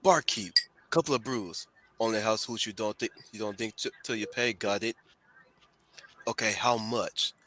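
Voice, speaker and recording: A man voicing a gruff male bartender with a put-on Jamaican accent, reading comic dialogue aloud in a low mutter. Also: normal speed, fairly bright tone, a little hiss or hum, natural voice.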